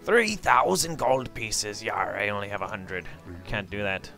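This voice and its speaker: A man's voice: fairly low pitch, measured pace, vocal fry, pushed and bright, faint music behind, heavily acted. A man voicing a boastful, crude male pirate captain with brash, bawdy pirate talk.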